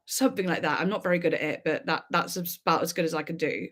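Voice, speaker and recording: A woman's voice: on the low side, fairly even intonation, quick pace, few pauses, a bit bright. A young woman from Devon with an English accent, hosting a casual livestream chat in a bubbly, rambling way, full of "like"s and giggles. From Devon, England. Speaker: livestream host.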